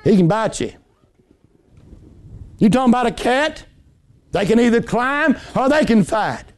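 A man preaches a fervent sermon in a notably high voice. He tells folksy stories, rising to ringing emphatic peaks and dropping to hushed, low passages. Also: big pitch swings, a little slow. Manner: impassioned, swinging between high emphatic lines and low hushed ones; folksy storytelling with homespun anecdotes.

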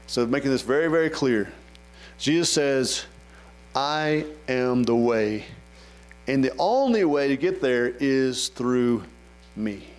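A man preaching a sermon in church, rising to high, loud calls and dropping to soft, low asides. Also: expressive, slow, faint music behind, rough recording. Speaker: pastor.

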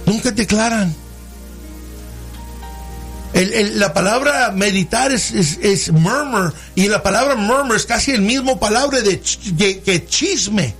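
A man preaching a sermon in English and Spanish, calling his listeners brother and rising into shouted, sing-song cadences. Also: high-pitched, moderate pace, soft background music. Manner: preaching, switching between English and Spanish, calling out "hermano" and "amen". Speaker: pastor. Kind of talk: bilingual sermon.

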